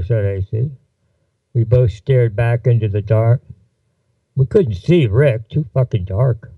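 A man reading a first-person story aloud, giving the characters' lines with shifts in pitch. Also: expressive, measured pace, warm tone, no echo, recorded from a distance, low-quality recording. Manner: voices dialogue with shifts in pitch. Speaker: narrator. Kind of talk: audiobook-style fiction reading.

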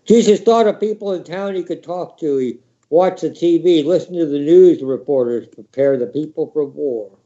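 Man, mid-high mellow voice, wry spoken-word storyteller, dull lo-fi recording. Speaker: reader.

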